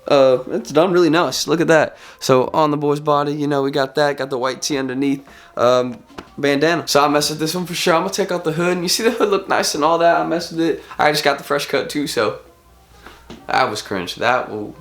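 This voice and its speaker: A young man with a sick-sounding voice, excitedly rambling in slang through a casual unboxing vlog. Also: a little high, a little fast, faint music behind. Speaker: vlogger.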